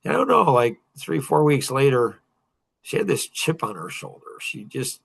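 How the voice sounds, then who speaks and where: Gravelly man telling a personal story. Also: very animated, normal speed. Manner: rambling, emotional, gets louder and higher when emphatic. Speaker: podcast guest.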